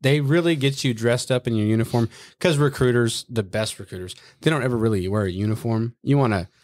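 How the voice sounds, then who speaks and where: A man, a former Marine recruiter, telling profane, animated stories in a casual podcast chat. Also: medium pitch, a little fast, no room sound, clean studio sound. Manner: profane, animated storytelling with acted-out quotes.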